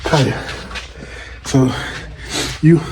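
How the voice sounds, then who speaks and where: Chatty dad vlogging in an echoey basement. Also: male voice, drawn-out words. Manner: loose, rambling, chatty, addresses viewers directly. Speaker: family vlogger and father. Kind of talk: casual vlog chat to camera. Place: small dusty home basement. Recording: echoey basement with loud background noise.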